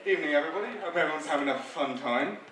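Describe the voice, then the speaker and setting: A man's voice: on the high side, animated, very fast, heavy background noise. A young man from the UK with a British accent doing chatty, self-deprecating stand-up comedy on a theatre stage. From United Kingdom. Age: young adult. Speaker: staff comedian. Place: theatre stage before an audience. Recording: echoey theatre from far off.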